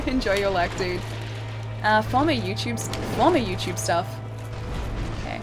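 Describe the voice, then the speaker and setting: An Australian woman with an animated mid-range voice streams a game at normal speed, game music clearly audible behind her. She chats casually with viewers, reading their comments aloud, reacting to the fight and laughing often.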